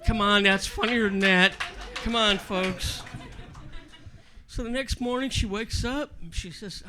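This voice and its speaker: A man's voice: high voice, unhurried, bright, forceful tone, a little hiss or hum. An older man performing his first bawdy stand-up set at an open mic, with self-deprecating banter. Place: comedy club stage before a live audience.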